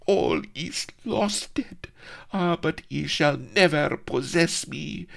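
A man voicing a swooning, melodramatic young Spanish lady in a high, fluttery, theatrical voice. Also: lively intonation, slow, creaky, fairly bright tone, exaggerated voice. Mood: frantic.

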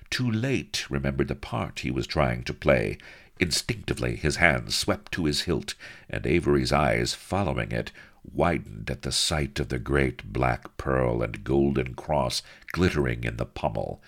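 A man's voice: a bass voice, normal speed, creaky, a bit bright, breathy edge. A man reading a story aloud with playful, theatrical storytelling. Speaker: audiobook narrator. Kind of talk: scripted narration.

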